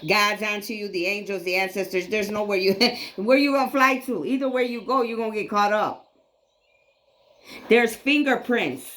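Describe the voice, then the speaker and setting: A woman's voice: mid-range voice, moderate pace, fairly bright tone. A woman in her late forties giving an emphatic, repetitive spiritual tarot reading, preachy and casually profane. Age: 40s. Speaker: psychic reader.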